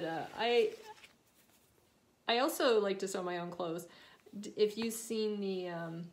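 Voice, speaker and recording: A woman author reading her own story aloud and chatting about it between passages, laughing often and drifting into asides. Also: lowish voice.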